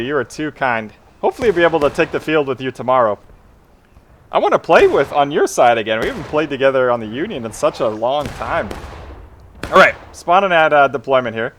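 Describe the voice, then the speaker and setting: Male streamer, mid pitch, casual chat to viewers, quick calls to his squad. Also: a bit bright, a little hiss or hum. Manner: chats with viewers, barks orders to teammates. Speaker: game streamer. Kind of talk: casual live gameplay commentary.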